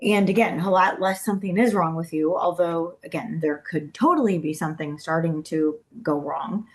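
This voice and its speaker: A woman presenting a talk on brain health to caregivers, speaking casually with lots of "you know" and "um", gentle and encouraging. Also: fairly low pitch, moderate pace.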